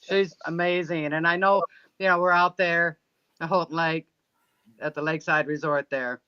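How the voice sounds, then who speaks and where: A man from Michigan, a guest who runs paranormal events, speaking haltingly with many fillers and restarts. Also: on the high side, steady tone, sharp tone, clear, resonant tone, muffled recording. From Michigan, USA. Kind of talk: casual interview chat.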